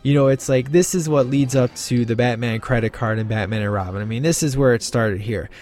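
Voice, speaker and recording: A man's voice: medium pitch, fairly quick, a little mellow. A man and father giving casual film commentary, rambling with many fillers and restarts. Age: adult with a child. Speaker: film reviewer.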